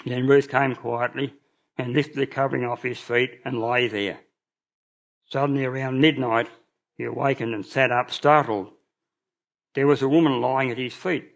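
Guy reading a bible story out loud, bit of gravel in his voice, trips over a word now and then. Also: mid-range voice. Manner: plain reading with small restarts, mild voice shifts for quoted figures. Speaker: reader.

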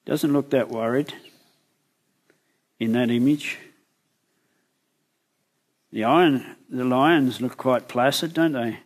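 A man preaching a sermon, retelling a Bible story in lively words and asking the listeners questions. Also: mid-range voice, takes it slowly, long pauses.

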